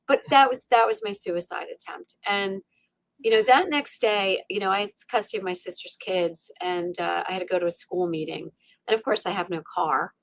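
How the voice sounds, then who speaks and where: A middle-aged woman speaks as an interview guest, telling a personal story in a lively, conversational way. She keeps reaching for "you know" and "like" and slips into her own inner voice as she tells it. Her voice sits at an ordinary pitch and is recorded close and dry. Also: moderate pace, gravelly, no echo. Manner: many fillers and restarts like "you know" and "like". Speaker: podcast guest.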